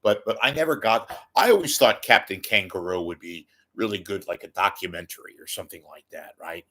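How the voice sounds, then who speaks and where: A man's voice: low-pitched, lively intonation, a little fast, a bit bright. Rambling man hosting a livestream. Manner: rambling, self-mocking, repeats words. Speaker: livestream host. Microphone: webcam close to face.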